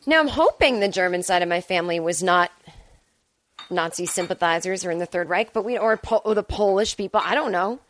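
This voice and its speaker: A woman's voice: fairly low pitch, expressive, fairly quick, a little hiss or hum. Chatty, rambling woman. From Boston area, US. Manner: rambling, chatty, self-deprecating, swears freely. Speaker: podcast host. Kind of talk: casual solo monologue.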